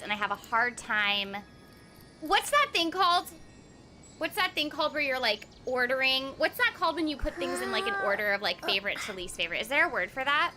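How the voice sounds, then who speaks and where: Bubbly, giggly high-voiced woman streamer. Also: bright, forceful tone, slight background noise. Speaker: streamer and voice actor. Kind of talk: casual game stream chat.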